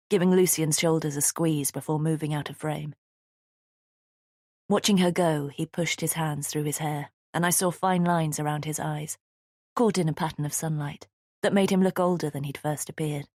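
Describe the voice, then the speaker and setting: Low-voiced woman narrating an audiobook. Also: fairly even intonation, normal speed, darkish tone, no echo, studio quality. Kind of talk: scripted narration.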